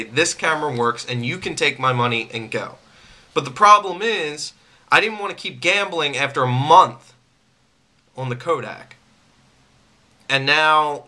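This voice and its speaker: A man's voice: mid-range voice, pushed and bright. A man venting to camera about a refund, irritated and repeating himself, with stammering restarts. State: angry. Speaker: vlogger.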